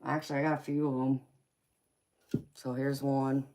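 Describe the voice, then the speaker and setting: A woman's voice: rumbling low, little pitch movement, moderate pace, warm tone, slight background noise. A woman from Los Angeles with a Southern accent, chatting casually on a live stream and answering viewers' comments. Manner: chatty, laughs often, reads out viewer comments. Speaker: tarot reader streamer.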